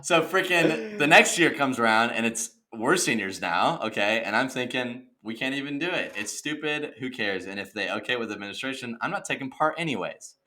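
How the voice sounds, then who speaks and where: A young man co-hosting a podcast, telling a story in a casual, animated rant and saying "dude" and "okay" a lot. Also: mid-range voice, normal speed, hardly any pauses. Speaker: podcast co-host. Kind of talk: casual chat.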